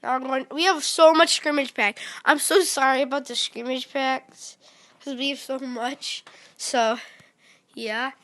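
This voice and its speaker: A woman hosting a casual game video, talking excitably and calling out to her viewers. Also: high voice, measured pace. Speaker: gaming video host.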